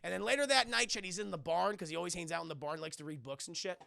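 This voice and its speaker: A young man recaps a show on a livestream, rambling and swearing as he talks to his chat. His voice is high, very bright and gravelly. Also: quick pace, no echo, studio quality. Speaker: streamer reviewing a TV episode.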